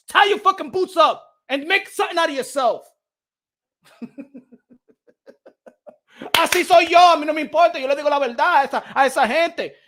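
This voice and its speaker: Shouting, mocking high-voiced man. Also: a little hiss or hum. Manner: loud, mocking, profane, often shouting. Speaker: boxing channel host. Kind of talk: heated ranting commentary.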